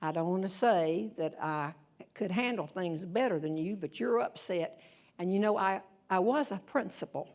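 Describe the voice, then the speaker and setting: A calm, self-assured husband and former school principal, as a woman acts him out in her story. He speaks softly and patiently, in a measured lecturing tone that keeps trying to calm her down. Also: high-pitched. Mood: lecturing calmly.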